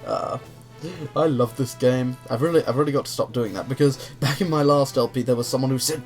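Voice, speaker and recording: A man's voice: medium pitch, fairly quick, soft background music. A young man giving casual gameplay commentary, giggly, rambling and easily distracted. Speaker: let's play commentator.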